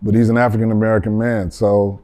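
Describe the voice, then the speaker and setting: A man, a film composer, talking casually in an interview, relaxed and rambling with repeated words. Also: on the low side, fast.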